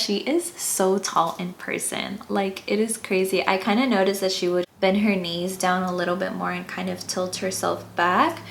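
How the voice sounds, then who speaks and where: A woman's voice: medium pitch, a little hiss or hum. A young woman from Texas, recapping an experience in a chatty, gushing way, giggling often and acting out what others said. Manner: gushing, giggly, quotes people in little voices. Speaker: vlogger.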